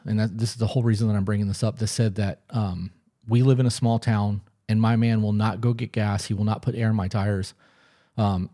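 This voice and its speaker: A man co-hosting a casual podcast in a lowish, warm, mellow voice. He talks bluntly and emphatically and swears often. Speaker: podcast co-host.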